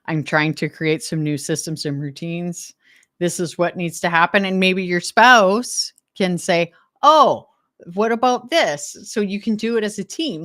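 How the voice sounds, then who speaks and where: A woman's voice: lowish voice, a bit bright, dry recording, studio quality. A woman from Western Canada with a Canadian accent, chatting casually and enthusiastically with viewers as host of a live stream, laughing often. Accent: Canadian English. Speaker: host of a decluttering livestream.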